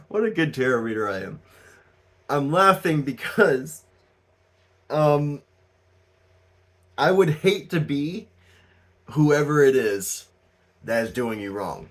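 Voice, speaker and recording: A man giving a tarot reading as the host, talking casually, rambling and animated, often laughing and swearing. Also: on the high side, slow pace, long pauses. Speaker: tarot reader.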